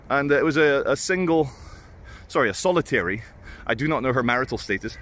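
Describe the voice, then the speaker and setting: A man's voice: mid-range voice, fairly quick, fairly bright tone. A British man vlogging casual anecdotes in a rambling, crude and self-mocking way.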